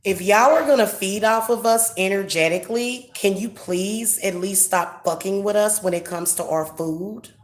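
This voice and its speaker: A woman's voice: mid-range voice, normal speed, few pauses. A middle-aged woman, a spiritual reader, ranting casually and profanely about her irritations to her viewers. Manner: irritated, profane, emphatic venting. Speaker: spiritual reader and channel host. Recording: echoey room with faint noise.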